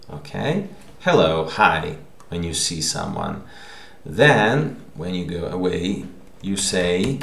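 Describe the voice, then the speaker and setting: Low and gravelly with vocal fry, this man's voice swings widely in pitch while he talks very unhurriedly. He teaches a recorded language lesson in an echoey room, explaining patiently and frequently asking a questioning "okay?"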